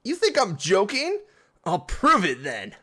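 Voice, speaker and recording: A man's voice: high voice, huge pitch swings, unhurried, bright, forceful tone, breathy edge, voice pushed up, exaggerated voice. Hop, a man doing an eager British teen boy. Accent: put-on British. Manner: cheery, boastful. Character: eager teenage boy rival trainer, boastful.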